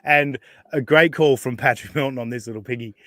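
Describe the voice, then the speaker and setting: A man's voice: medium pitch, a little fast, bright, forceful tone, dry recording. An Australian man hosting a podcast, chatting casually with sarcastic asides, frequent laughs and swearing. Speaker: podcast host. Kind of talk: casual chat.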